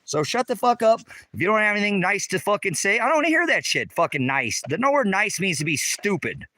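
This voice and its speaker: A man's voice: high voice, sing-song, brisk, sharp tone. A man livestreaming outdoors on rural land, touring his property and ranting at viewers' comments, combative and swearing constantly, recorded on a handheld phone while walking. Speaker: livestreamer giving a property tour.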